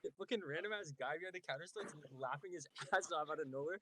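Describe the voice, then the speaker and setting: A man's voice: a little high, very fast, few pauses. A young man telling a long story on a podcast, rambling and slangy with lots of filler words. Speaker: guest.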